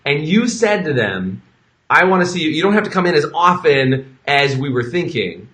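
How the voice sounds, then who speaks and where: A man hosting an interview, enthusiastic and animated, playing devil's advocate for hairdressers. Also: fairly high pitch, normal speed. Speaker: interview host. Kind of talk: conversational interview. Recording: echoey room.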